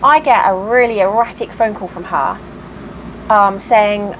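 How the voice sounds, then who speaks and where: By an open window at home, a woman who vlogs about cross stitch spins out a long, casual tale, chatty and wandering, stumbling over fillers and starting sentences again. She speaks at a measured pace in a fairly bright mid-range voice. There's a little hiss or hum on the rough recording.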